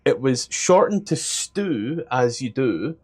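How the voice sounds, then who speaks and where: A young Scottish man running a tabletop game as game master. He narrates in a hushed voice, his talk loose and peppered with "like.". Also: mid-range voice, very animated, slow pace, husky. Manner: hushed, many "like" fillers.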